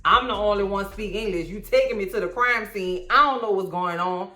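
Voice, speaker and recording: A woman in her forties giving an animated, sassy, slang-filled comedic recap of a TV series. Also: mid-range voice, a little fast. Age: 40s. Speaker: recap vlogger. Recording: echoey room with faint music.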